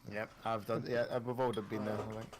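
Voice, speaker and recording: A man's voice: fairly low pitch, level tone, moderate pace, background noise. A man joking and chatting with friends as a player on a voice call. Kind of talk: casual voice chat. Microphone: mic on a voice call.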